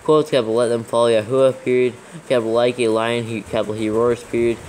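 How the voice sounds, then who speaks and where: Man, dictation reading, spoken punctuation, flat monotone, careful, faint background hiss. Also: mid-range voice, quick pace, poor audio. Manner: steady, careful, names every capital and comma aloud. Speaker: reader dictating scripture text.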